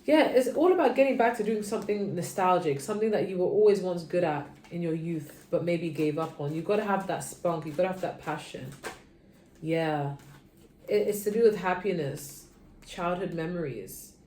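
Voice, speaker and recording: Sounding short on sleep, a tarot reader chats her way through a laid-back reading at normal speed. Her low-leaning voice moves from soft murmurs to abrupt perky moments, in an echoey room with faint ambience and a bit of background noise.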